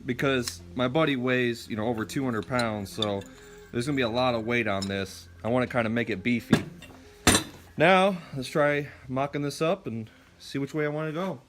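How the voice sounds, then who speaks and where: A man chatting casually as he works on a go-kart in his garage, explaining each step and often pausing with fillers. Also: mid-range voice, background noise. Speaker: vlogger building a go-kart.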